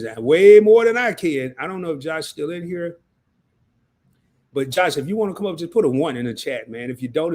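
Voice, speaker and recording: A man's voice: on the high side, darkish tone. A man hosting a live stream, chatting loosely in slang and reading out viewer messages. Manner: loose slangy talk, reads out chat messages. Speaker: livestream host. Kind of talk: casual livestream chat.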